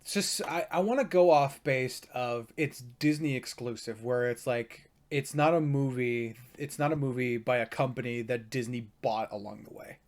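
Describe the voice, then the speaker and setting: A man's voice: medium pitch, moderate pace, few pauses. A young man co-hosting a casual podcast, rambling and restarting his sentences as he talks about movies. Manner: rambling, restarts a lot, animated. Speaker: podcast co-host. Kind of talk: casual chat.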